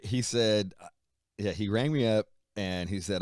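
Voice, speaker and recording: A man being interviewed, telling a long story in a casual, animated way, swearing freely and acting out the people in it. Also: lowish voice, measured pace, dry recording, studio quality. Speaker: musician guest.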